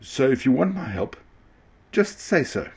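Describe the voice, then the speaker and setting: A man voicing a small, brave male steam train who speaks calmly and politely in a children's story. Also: fairly low pitch, moderate pace, slightly rough. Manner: calm, polite, determined.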